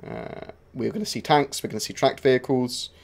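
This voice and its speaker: A man chats through viewer questions on a gaming livestream, his voice sitting at an ordinary middle pitch. He talks in a loose, relaxed way, trailing off and filling gaps with lots of ums. The delivery is easygoing and conversational rather than scripted. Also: a little fast, vocal fry. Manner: relaxed, rambling, frequent um fillers. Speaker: gaming channel host answering viewer questions. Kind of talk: casual livestream Q&A.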